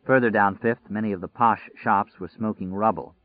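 A man with a lowish voice reads an audiobook in a measured, deliberate way. The sound is dry and close, with no room around it. It comes through a narrow, phone-like band. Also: fairly even intonation, no echo. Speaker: audiobook narrator. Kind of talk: scripted audiobook narration.

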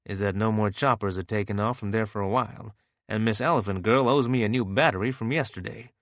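A man's voice: lowish voice, brisk, no room sound, close to an everyday voice. A man reading the lines of a laconic driver in an audiobook, level and almost disinterested.

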